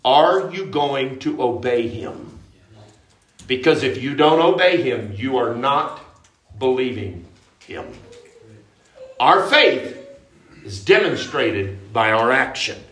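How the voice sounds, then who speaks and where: A man preaching a revival sermon with emphasis and repetition, rising at times to sudden shouts. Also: medium pitch, sing-song, takes it slowly, long pauses. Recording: roomy church echo.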